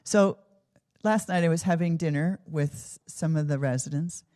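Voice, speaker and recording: A woman's voice: sits low, normal speed, mellow. A woman giving an earnest devotional talk in a temple, telling stories and asking reflective questions. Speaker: devotional speaker. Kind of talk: spiritual talk with storytelling.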